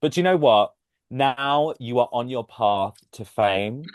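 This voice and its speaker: A man's voice: mid-range voice, unhurried, no room sound. A young man co-hosting a podcast over a video call, chatting with camp, teasing asides. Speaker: podcast co-host. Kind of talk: casual chat.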